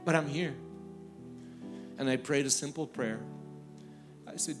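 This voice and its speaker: A middle-aged man from Ukraine preaching and telling a personal story in lively, animated style, acting out the people he quotes. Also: medium pitch, unhurried, long pauses. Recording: music playing underneath.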